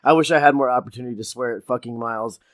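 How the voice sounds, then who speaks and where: A man's voice: mid-range voice, very fast, no echo, studio quality. A man co-hosting a podcast, goofy and playful, who swears casually. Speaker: podcast co-host. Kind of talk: casual chat.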